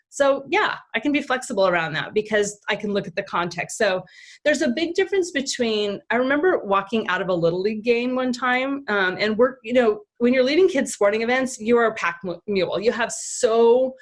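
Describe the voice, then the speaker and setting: A woman talking as a guest parenting expert in a relaxed interview. Her voice sits at an ordinary middle pitch. She tells anecdotes with energy, slipping into acted-out dialogue, with plenty of "um"s and restarts along the way. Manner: animated storyteller who acts out quoted dialogue; frequent fillers and restarts. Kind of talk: casual interview conversation.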